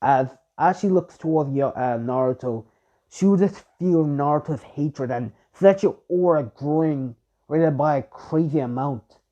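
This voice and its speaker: A man's voice: on the high side, moderate pace, warm tone. A young man improvising fan-fiction narration in a rambling way, full of fillers and restarts, on a dull lo-fi recording. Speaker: fan storyteller.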